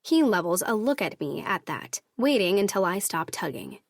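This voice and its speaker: A woman narrating a first-person romance audiobook in a measured, even storytelling manner. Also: lowish voice, no echo, studio quality.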